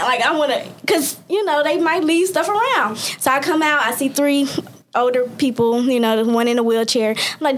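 A woman hosting a podcast, telling a story in lively casual chat, laughing often and acting out what people said. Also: high voice, slight background noise. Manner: animated, laughs often, acts out quotes. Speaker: podcast host.

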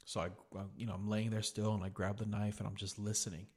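A man's voice: fairly low pitch, flat delivery, quick pace, darkish tone. A young man hosting a podcast, telling a story in a casual, profane way and saying "dude" a lot. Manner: profane, laid-back, says "dude" a lot. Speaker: podcast host.

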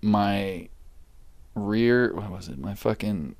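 A man's voice: on the low side, slow, creaky, a little mellow, no echo. A man hosting a casual chat, telling rambling stories full of swearing. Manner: rambling storyteller, heavy swearing; acts out others' lines in raised voice. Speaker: podcast host.

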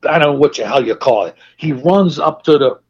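A man with a fairly high, husky voice tells lively stories full of swearing. The sound is muffled and lo-fi. He talks casually with an interviewer. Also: brisk. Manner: profane, animated anecdotes. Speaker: guest, wrestling manager.

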